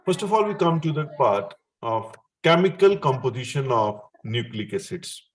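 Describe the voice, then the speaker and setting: An Indian man gives a chemistry lesson at a mid pitch. He explains terms slowly and in steps, and he often stops to check that the student is following. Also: sing-song. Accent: Indian English. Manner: checks in with the student often, chuckles at his own remarks. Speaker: chemistry teacher. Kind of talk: explanatory classroom lecture.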